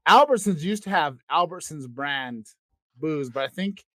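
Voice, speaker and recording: A man's voice: a little high, lively intonation, unhurried, pushed and bright, no room sound. A man co-hosting a podcast in casual chat, rambling, trailing off and restarting his sentences, swearing now and then. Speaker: podcast co-host.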